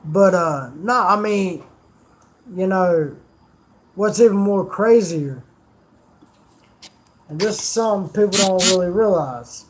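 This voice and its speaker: Man, high voice, slow drawl, casual rambling chat, swears a lot. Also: slight background noise. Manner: rambling storyteller, swears freely. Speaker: streamer.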